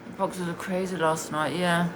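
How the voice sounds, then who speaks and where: A woman's voice: fairly low pitch, steady tone, normal speed, noisy background. Scornful woman ranting on a stream. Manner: blunt, scornful, answering viewers' comments. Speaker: live-streamer. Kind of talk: heated live-stream rant.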